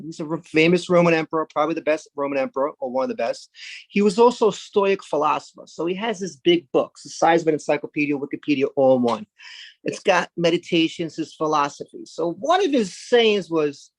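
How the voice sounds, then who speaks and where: A man from Brooklyn, doing a rambling, deadpan stand-up set. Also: on the high side, quick pace, dry recording. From Brooklyn, New York. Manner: rambling, deadpan, with sudden loud jumps into put-on voices. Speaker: stand-up comedian.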